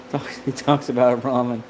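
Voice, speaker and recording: A man's voice: mid-range voice, background noise. A man hosting a casual livestream from a car shop, chatting with viewers and laughing constantly between lines. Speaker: livestream host. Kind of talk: casual live chat with viewers.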